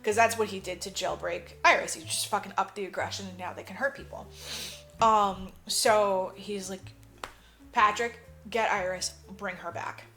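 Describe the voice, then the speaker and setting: A woman's voice: medium pitch, fairly even intonation, normal speed, fairly bright tone, faint music behind. A woman co-hosting a podcast, animatedly retelling a movie plot, acting out characters and swearing freely. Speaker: podcast co-host. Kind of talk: casual movie recap chat.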